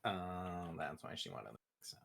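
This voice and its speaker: A man's voice: deep voice, lively intonation, unhurried, vocal fry, a bit bright. A man chatting casually on a live stream, laid-back, with short reactions. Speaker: friend learning lore on stream.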